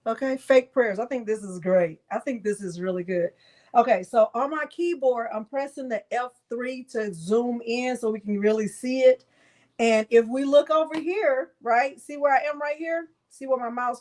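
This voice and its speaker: A middle-aged woman hosting a live craft software tutorial, chatting with viewers by name while she demonstrates. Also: on the high side.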